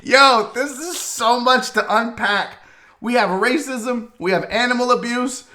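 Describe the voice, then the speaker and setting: Male comedy talk host, high, bright voice, swears freely, laughs a lot. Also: unhurried, a little hiss or hum. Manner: animated, profane, laughs a lot. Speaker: sports radio host. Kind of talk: comedic commentary on a video.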